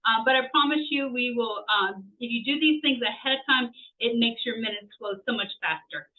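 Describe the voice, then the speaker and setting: A woman's voice: a little high, moderate pace. A middle-aged woman hosting a leadership lesson from her home office, upbeat and repeating key words for emphasis. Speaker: host and leadership instructor. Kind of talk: instructional video talk. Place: home office with a tin roof. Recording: tinny phone-like sound, distant from mic.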